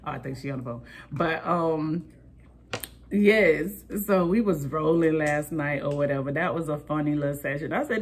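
A woman's voice: deep voice, moderate pace. Chatty woman vlogging outdoors. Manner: chatty, animated storytelling with lots of "y'all". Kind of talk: casual vlog chat. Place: outdoors at a bus stop, vehicles passing.

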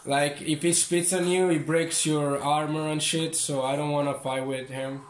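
In an echoey room with slight background noise, a young man provides profane, joking gameplay commentary for his gaming channel, taunting the game's enemies. His voice is a little high, his delivery flat, and his pace moderate.

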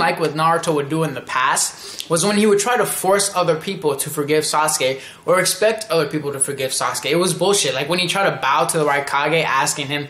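Bright-voiced man rambling about anime. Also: on the high side, echoey room. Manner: rambling and animated, mimics characters' lines. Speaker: anime reviewer. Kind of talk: casual video review.

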